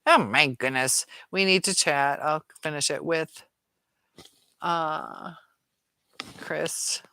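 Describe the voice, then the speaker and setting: A woman's voice: sits low, slow, bright, forceful tone, smooth, dry recording. A tired woman hosting a live chat, reading viewer comments aloud and hesitating often. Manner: hesitant, many fillers and restarts. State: tired and dizzy.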